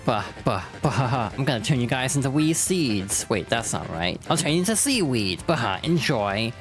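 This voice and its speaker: A woman's voice: rumbling low, big pitch swings, moderate pace. A woman voicing a bumbling male video game villain with growling bluster and fake laughs over game music.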